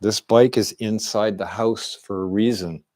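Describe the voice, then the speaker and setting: A middle-aged man streams from his home into a desk microphone. His voice sits low and his delivery is slow and drawn out. He rambles and repeats himself, restarting his words over and over. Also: fairly even intonation, dark tone. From Canada. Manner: rambling and repetitive, with frequent restarts and fillers. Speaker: live streamer. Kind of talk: casual rambling stream monologue. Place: at home indoors.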